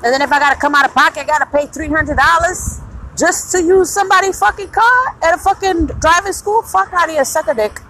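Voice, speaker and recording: A woman venting in a blunt, profane, casual monologue, breaking into loud laughs. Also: extremely high pitch, fairly quick, slight background noise, poor audio.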